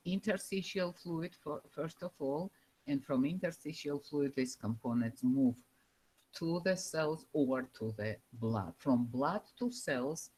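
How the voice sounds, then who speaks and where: A woman lecturing a university class over a live online call, pausing often and searching for words with fillers. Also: very deep voice, a little mellow, slightly rough. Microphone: computer microphone over a video call.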